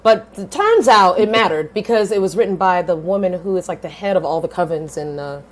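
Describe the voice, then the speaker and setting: A woman in her thirties, a podcast guest telling her story in a lively, blunt way, swearing casually and switching voices when she quotes people. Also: a little fast, a little hiss or hum. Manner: animated, swings pitch widely when quoting others.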